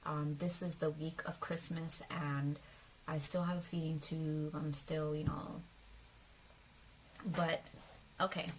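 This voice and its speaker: A woman's voice: deep voice, little pitch movement, slow pace, pauses often, a little hiss or hum, poor audio. A young adult woman vlogger telling a personal story in a casual, rambling way. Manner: chatty, rambling, with fillers and acted quotes.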